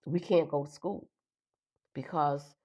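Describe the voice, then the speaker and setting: A woman's voice: sits low, fairly even intonation, slow pace, warm tone, breathy edge. A middle-aged woman, emotionally retelling a childhood memory and acting out the voices in it. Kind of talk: personal storytelling.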